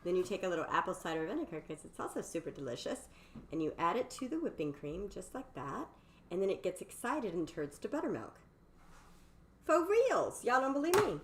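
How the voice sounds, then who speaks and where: A woman's voice: lowish voice, very animated, fairly quick, slight background noise. A bubbly, chatty woman hosts a live cooking stream from her home kitchen and talks to her viewers. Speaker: cooking livestream host.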